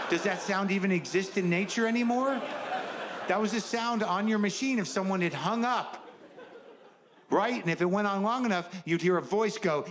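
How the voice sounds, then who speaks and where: A man's voice: high voice, fairly bright tone. A middle-aged man doing a stand-up comedy set, riffing in a wry, sardonic, conversational way.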